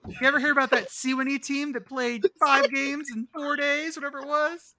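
A man co-hosting a podcast in casual chat, throwing in quick joking quips and swearing. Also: very high-pitched, flat delivery, creaky, sharp tone, slight background noise. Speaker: podcast co-host.

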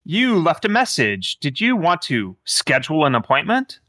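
A man voicing a low-level automated phone assistant with prim, scripted phrasing. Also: huge pitch swings, normal speed, bright, forceful tone, no room sound, clean studio sound, full character voice.

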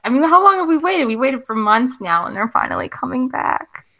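A woman co-hosting a podcast, bubbly and excited, repeating herself as she chats. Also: high-pitched, a little fast. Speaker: podcast co-host. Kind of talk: casual podcast chat.

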